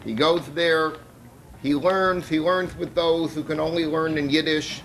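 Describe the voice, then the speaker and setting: A man acting as master of ceremonies, formally introducing the next speaker in a measured, announcing way. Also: a little high, steady tone, a bit bright, a little hiss or hum, rough recording.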